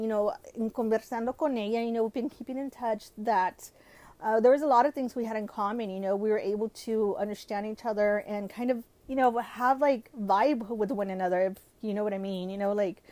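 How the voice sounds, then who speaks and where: A woman's voice: a little high, darkish tone, dry recording. A woman with a cold, sounding nasal and congested, hosting a casual podcast, switching between English and Spanish and using lots of "you know" and "like". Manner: many fillers like "you know" and "like". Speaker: podcast host.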